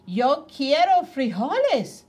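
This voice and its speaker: A woman voicing the gruff, somber leader of a band of small male dogs in a picture book read-aloud. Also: fairly high pitch, wildly swooping pitch, slow pace, a little mellow, voice pushed up, exaggerated voice. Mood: solemn.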